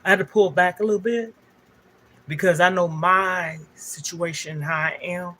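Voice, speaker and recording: A woman's voice: on the low side, fairly even intonation, normal speed, bright, forceful tone, slight background noise. An older woman, a livestream host telling a candid, emotional personal story straight to her viewers.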